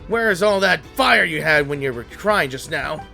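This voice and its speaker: A man voicing a loud, muscle-obsessed idol coach in a game, barking commanding declarations. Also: fairly high pitch, expressive, normal speed, vocal fry, faint music behind, full character voice. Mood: fierce.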